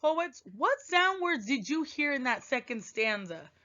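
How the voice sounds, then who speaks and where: Patient woman teacher, lively voice. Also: sits high, unhurried, lo-fi sound. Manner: patient, clear, repeats instructions, reads poem expressively. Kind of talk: recorded classroom lesson for young children.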